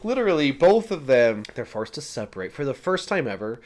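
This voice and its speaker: A man co-hosting a casual film podcast, talking with enthusiasm and gentle teasing. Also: mid-range voice, very animated, brisk. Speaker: podcast co-host.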